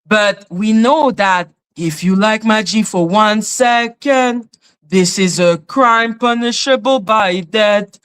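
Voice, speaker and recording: A woman's voice: mid-range voice, takes it slowly, a bit bright, clean tone. A woman hosting a commentary stream, reacting to clips with profane, sarcastic mockery. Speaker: commentary channel host. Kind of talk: reaction commentary on a livestream clip.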